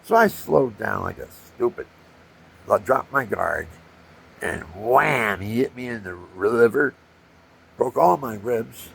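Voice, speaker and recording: An older man with a gravelly voice, rambling through personal stories and acting out punches with sound effects. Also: medium pitch, expressive, slow pace, fairly bright tone. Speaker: storyteller.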